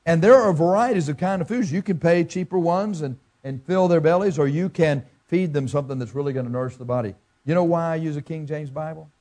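Pastor, male, preaching. Folksy, asks the room questions, mellow tone. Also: on the high side. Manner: farm analogies. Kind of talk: sermon.

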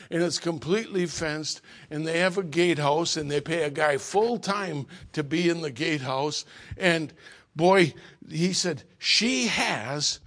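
Middle-aged male preacher, storytelling sermon, ringing tone, big swings between hushed and shouted. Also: on the high side.

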